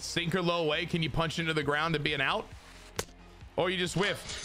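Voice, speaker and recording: A man giving casual, excitable commentary over his own video game match, swearing and trash-talking the opponent as he plays. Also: fairly high pitch, moderate pace, music in the background. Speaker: gaming channel host.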